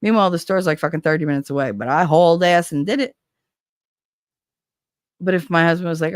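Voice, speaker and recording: A woman's voice: fairly low pitch, fairly quick, pauses often, dry recording. A middle-aged woman with a New Jersey accent, hosting a casual livestream chat in a candid, profane, chatty way. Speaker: livestream host.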